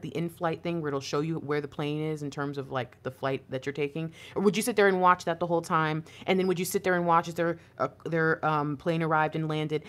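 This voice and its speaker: This intuitive card reader has a fairly low voice. Lively and talkative, she delivers a spiritual reading monologue to her viewers, full of rhetorical questions.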